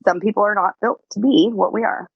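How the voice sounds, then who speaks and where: A woman's voice: mid-range voice, steady tone, brisk, creaky, husky, no echo, lo-fi sound. A woman giving blunt, emphatic sales coaching in a casual podcast chat, swearing freely.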